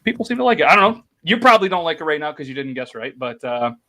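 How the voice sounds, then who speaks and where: Upbeat guy hosting a podcast quiz, bright kinda high voice, lots of uhs. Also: sing-song, rapid-fire. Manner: playful, upbeat, filler-heavy. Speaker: podcast host. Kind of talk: casual game-show hosting.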